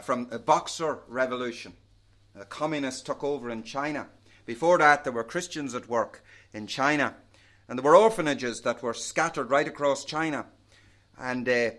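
A man preaching a sermon in an earnest, measured way, rising and falling in volume for emphasis. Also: mid-range voice, a bit bright.

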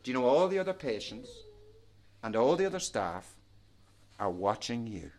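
A man preaching a sermon in an earnest, measured way, rising and falling in volume for emphasis. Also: medium pitch, very animated, a little mellow.

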